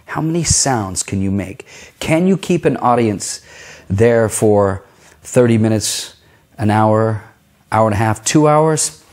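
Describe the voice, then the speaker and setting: A man's voice: on the low side, unhurried, a little mellow. A man teaching a singing lesson in a casual, conversational way, explaining vocal tone and stopping to demonstrate sounds. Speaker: vocal coach. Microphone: filmed on camera.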